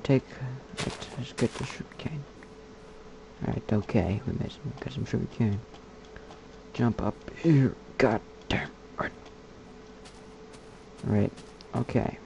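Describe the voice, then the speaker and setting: A man giving casual gameplay commentary in a put-on character voice, muttering, whispering and chatting to the animals on screen. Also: darkish tone. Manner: puts on a slow, low, gravelly character voice. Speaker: gamer. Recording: dull lo-fi mic with faint hiss.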